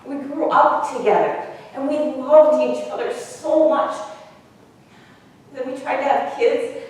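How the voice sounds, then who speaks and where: A weary but bold outcast woman at a well tells her story with dry, conversational wit, as a woman pastor plays her in a sermon. The voice sits a little high and carries an Upper Midwest accent. It rings through a big echoing sanctuary, picked up from a distance with a long reverb tail. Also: darkish tone. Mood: aggrieved. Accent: Upper Midwest American. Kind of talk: first-person dramatic monologue in a sermon. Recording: echoey hall from far off.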